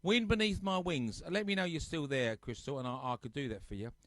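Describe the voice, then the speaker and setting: A man's voice: medium pitch, lively intonation, fast talker, a bit bright, no echo. Chatty man hosting a live stream. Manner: chatty, teasing, reads out viewer comments. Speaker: host of a live-streamed music show. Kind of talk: casual chat to live viewers. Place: at home on a sofa.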